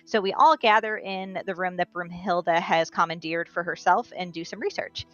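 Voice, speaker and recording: A lower-pitched woman runs through what happened last session in a loose, chatty way, pausing now and then to fix a word. The recording is dull and lo-fi, with faint music playing underneath. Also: steady tone, fairly bright tone. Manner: chatty, self-correcting storytelling. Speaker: player giving a session recap. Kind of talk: casual recap of a tabletop game.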